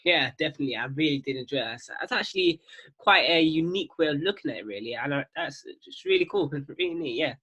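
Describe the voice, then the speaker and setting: A man hosting an interview, appreciative and quick to laugh. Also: a little high, animated, bright, forceful tone, slightly rough, dull audio. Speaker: interview host. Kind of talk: casual interview chat.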